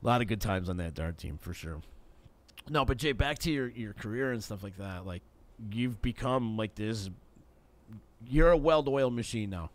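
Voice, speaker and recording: A man hosting a casual radio studio chat, telling animated stories and shouting out the lines he quotes. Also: fairly low pitch, normal speed. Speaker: radio show host.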